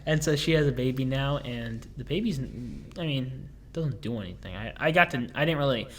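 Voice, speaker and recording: A man's voice: mid-range voice, brisk, a little hiss or hum. A young man hosting a casual chat, rambling and goofy, full of fillers and restarts. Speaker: podcast host.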